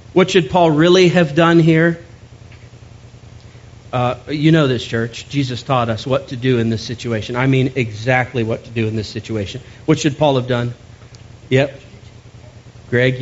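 A man's voice: mid-range voice, dull audio, a little hiss or hum. A man preaching a sermon to his church, talking in a conversational way with joking asides. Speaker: pastor.

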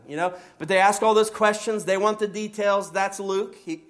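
A man's voice: sits high, steady tone, moderate pace. A man teaching a Bible study sermon, acting out quoted voices and asking his listeners rhetorical questions. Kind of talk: expository sermon.

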